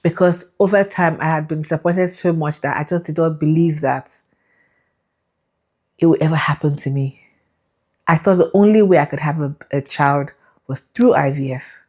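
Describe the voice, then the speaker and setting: A young woman tells a personal faith story straight to her viewers. Her voice sits on the low side, and she is lively and emotional, laughing as she acts out the people in her story. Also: moderate pace. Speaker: vlogger sharing a faith testimony.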